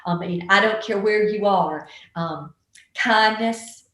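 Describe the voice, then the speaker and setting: A woman, a guest telling stories in a casual interview, animated and full of ums. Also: medium pitch, slow pace, very echoey. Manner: animated storyteller with many ums. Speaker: guest, author and actor.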